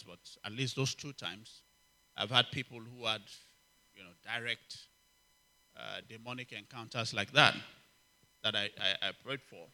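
A man preaching a sermon, emphatic and repetitive, calling out to the congregation and swinging from loud exclamations to quiet asides. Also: medium pitch. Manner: emphatic, repeats key phrases, asks the congregation for response. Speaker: pastor.

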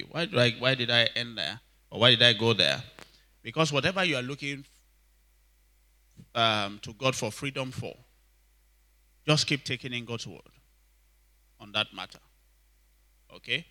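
A man's voice: mid-range voice, unhurried, pauses often, sharp tone. A man preaching a sermon, emphatic, repeating key lines and calling for responses from the congregation.

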